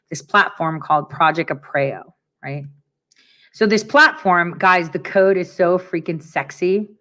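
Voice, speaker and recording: A woman host of a casual commentary show who talks at a middling pitch. She rants in a sarcastic, profane and animated way, swinging between scorn and excitement.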